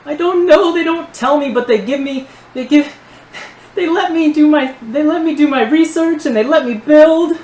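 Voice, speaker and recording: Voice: medium pitch, slow pace, a little mellow, voice pushed up, natural voice. A woman voicing a panicky old male gnome inventor who stammers and pleads near tears, in a tabletop game. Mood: panicked pleading. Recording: roomy echo.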